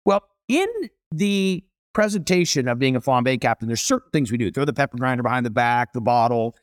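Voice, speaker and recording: A middle-aged man, a chef and restaurateur, telling stories as an interview guest in a lively, animated way. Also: medium pitch, fairly quick, no room sound, clean studio sound. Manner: animated, acts out voices in stories. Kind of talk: storytelling interview.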